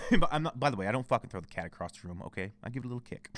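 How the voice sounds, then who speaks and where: A man's voice: mid-range voice, very animated, racing, few pauses, fairly bright tone, no room sound. A young Canadian man hosting a solo podcast from home, ranting in a profane, heated and confessional way, cranky. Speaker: podcast host.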